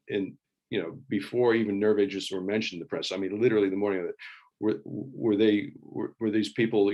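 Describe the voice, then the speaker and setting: A man giving an online talk with slides, in a wry and halting way, with many fillers and restarts. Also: on the low side. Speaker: invited speaker.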